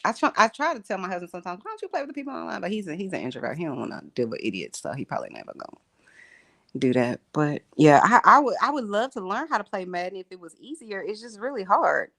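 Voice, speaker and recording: A woman hosts a loose, casual chat with a voice that sits on the low side. Her pitch swings widely as she teases and riffs. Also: fast. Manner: animated, expressive, sings and teases. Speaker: host. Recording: live stream call.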